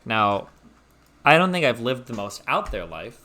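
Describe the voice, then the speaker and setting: A young man streaming, teasing a visitor and telling a story in an animated, profane way. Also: mid-range voice, a little slow. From Omaha, Nebraska, US. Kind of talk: casual stream chat and storytelling.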